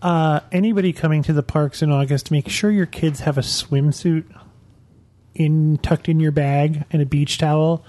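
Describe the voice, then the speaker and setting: A man with a fairly high but mellow, warm voice shares tips on a relaxed podcast. He sounds earnest and repeats his main point to drive it home. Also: normal speed. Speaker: podcast co-host. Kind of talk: casual podcast chat.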